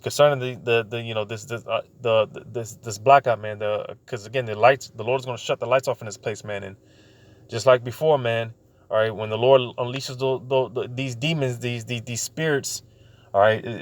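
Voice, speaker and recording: Guy preaching informally, stumbles a lot, repeats words, reads verses slow. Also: mid-range voice, fairly even intonation. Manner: halting, many fillers and repeated words; slows down to read scripture aloud. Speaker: bible teacher. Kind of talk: informal bible teaching.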